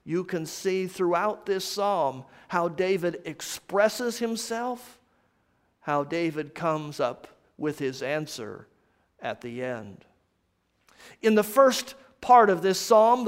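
A man preaching a sermon, reading scripture aloud and explaining it deliberately, dropping to a hush on somber lines. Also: very high voice, clear, resonant tone. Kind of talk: expository sermon.

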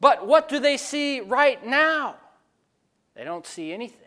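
A man's voice: very high voice, very animated, unhurried, bright, forceful tone. A man preaching an expository sermon, driving points home with emphatic rhetorical questions. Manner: emphatic, rhetorical questions, stressing key words.

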